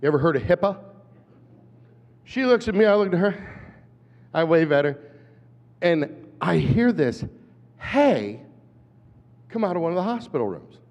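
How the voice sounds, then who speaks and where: A man in his fifties, an animated storyteller who acts out voices, giving a talk at a conference. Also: a little high, measured pace, pauses often. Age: 50s. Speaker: conference speaker. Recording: dull hall recording with long reverb.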